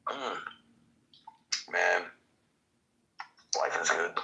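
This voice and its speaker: A man's voice: deep voice, lively intonation, extremely slow, creaky, bright, forceful tone, rough recording. A man chatting casually as a guest, laid-back and profane. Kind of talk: casual chat.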